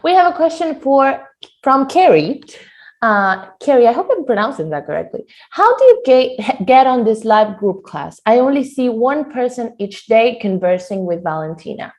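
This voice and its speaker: A woman teaching a live online Spanish lesson on a video call, lively and quick to laugh. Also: on the high side.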